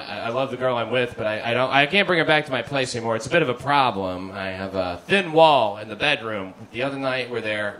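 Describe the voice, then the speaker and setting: A man doing a stand-up routine in a comedy club, deadpan and halting, stammering over his restarts. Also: medium pitch, a little hiss or hum, rough recording. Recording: live club recording with audience laughter. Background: audience laughter.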